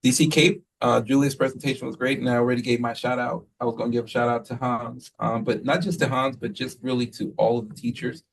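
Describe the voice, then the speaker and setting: Gravelly man giving a rambling meeting report. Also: mid-range voice, fast talker, few pauses, recorded from a distance, rough recording. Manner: relaxed, rambling, many fillers and quoted asides. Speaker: school head giving a report to the board. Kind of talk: casual spoken report at a meeting.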